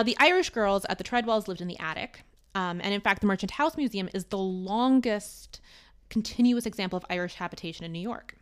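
A woman hosting a podcast, telling a history in a chatty, animated way with wry asides. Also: mid-range voice, smooth. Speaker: podcast host. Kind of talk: casual storytelling chat.

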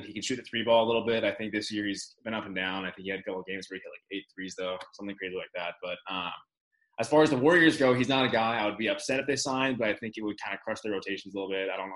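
Guy talking hoops fast, lowish voice, lots of restarts. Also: fairly bright tone, poor audio. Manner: quick, rambling with restarts. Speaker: podcast co-host. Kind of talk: casual sports chat.

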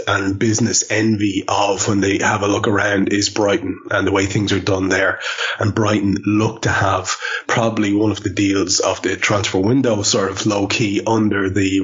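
A man's voice: fairly low pitch, fairly bright tone, breathy edge, muffled recording. A man co-hosting a football podcast, talking casually with lots of ums and uhs. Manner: hesitant, many fillers. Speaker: podcast co-host.

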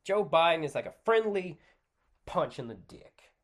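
A man rants alone into his podcast microphone, sarcastic and swearing freely. His pitch swings widely as he jokes and argues. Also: normal speed. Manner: sarcastic, profane, animated. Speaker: podcast host. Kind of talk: solo opinion rant.

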